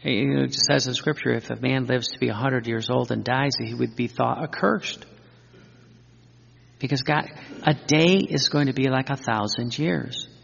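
A man's voice: medium pitch, normal speed, creaky, fairly bright tone, in a large hall, dull audio. A man teaching in an earnest sermon style, repeating phrases and quoting scripture. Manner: earnest, repetitive, quotes scripture. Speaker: religious teacher.

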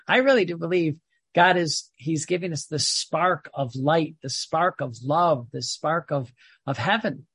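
A man's voice: on the high side, measured pace, fairly bright tone, breathy edge, dry recording. A man giving an informal devotional talk, rambling and repeating words as he reads passages aloud and explains them. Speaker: religious teacher.

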